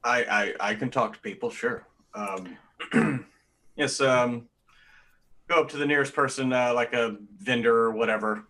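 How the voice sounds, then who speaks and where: Brief: male player, bright and crisp tone, hesitant and casual. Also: mid-range voice, slight background noise. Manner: halting, hesitant questions. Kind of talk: casual tabletop play.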